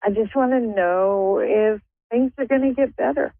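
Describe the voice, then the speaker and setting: A caller on a live reading show, speaking slowly and hesitantly. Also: medium pitch, no echo. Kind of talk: phone call-in. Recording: tinny dry phone line.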